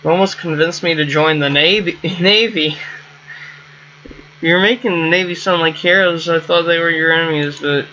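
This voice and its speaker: A man with a bright, fairly high voice musing aloud to himself while he plays a game, often trailing off mid-thought. The recording is a little muffled, with a faint hiss underneath. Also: moderate pace. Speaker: gameplay host. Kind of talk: casual thinking aloud while playing.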